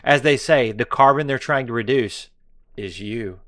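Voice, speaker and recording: A man's voice: medium pitch, normal speed, fairly bright tone, dry recording. A man hosting a political commentary monologue, sarcastic and mocking, taunting his viewers and now and then dropping to a whisper for effect. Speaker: commentary show host.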